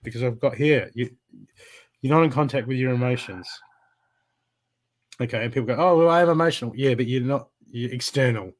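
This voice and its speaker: A man's voice: medium pitch, normal speed, pauses often. A man giving a live spiritual card reading, talking in an emphatic, repetitive coaching way. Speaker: intuitive card reader.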